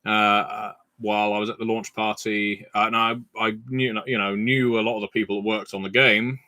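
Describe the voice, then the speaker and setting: A man's voice: lowish voice, flat delivery, normal speed, pushed and bright, no room sound. A man hosting a casual livestream Q&A, reading viewer comments and telling anecdotes with lots of fillers. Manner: chatty, anecdotal, frequent filler "uh". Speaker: game designer hosting a livestream Q&A.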